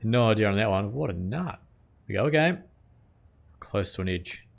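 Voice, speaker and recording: A man giving casual, excitable commentary over his own video game play, reacting loudly and swearing at the game. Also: on the low side, normal speed, vocal fry. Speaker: gaming channel host.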